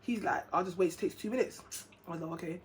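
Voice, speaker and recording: A woman's voice: fairly low pitch, fast talker. A young woman tells a personal story straight to camera. She is chatty and slangy, and she laughs and acts out the voices of the people in it. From England. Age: young adult. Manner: animated, slangy, laughs often, acts out dialogue. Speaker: vlogger. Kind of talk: casual storytelling.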